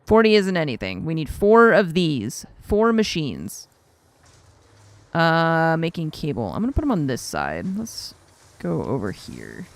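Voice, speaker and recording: Young woman, streamer, slow and deliberate, thinking aloud, flustered, self-mocking. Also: low-pitched, wildly swooping pitch. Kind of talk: casual gameplay commentary.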